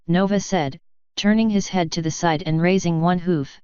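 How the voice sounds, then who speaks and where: A woman reading fanfiction aloud in steady audiobook narration; dull lo-fi recording. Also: lowish voice, moderate pace, clean tone, no echo. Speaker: fanfiction reader.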